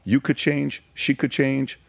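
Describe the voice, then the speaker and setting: Appearing as a guest on a podcast, a middle-aged Iranian man speaks in a steady, medium-pitched voice with some vocal fry. He tells casual stories and presses each point with emphatic, rapid-fire repetition. The recording is close and dry, with little room sound.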